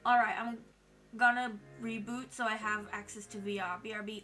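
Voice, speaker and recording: A woman's voice: mid-range voice, fairly even intonation, moderate pace, pushed and bright. A woman streamer with a put-on Australian accent and a congested throat, chatting playfully and scolding her chat. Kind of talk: casual live-stream chat. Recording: background music playing.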